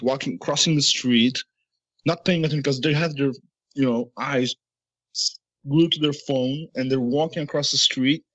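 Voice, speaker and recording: A man talks through his points in a halting, rambling way, full of fillers and restarts. His voice sounds a little muffled and dry, with no room echo. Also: mid-range voice, fairly bright tone. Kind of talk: casual discussion.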